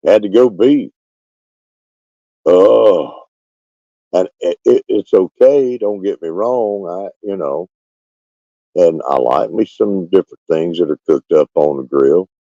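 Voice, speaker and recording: Very deep gravelly man. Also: measured pace, long pauses, warm tone, no echo, highs cut off. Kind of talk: casual chat.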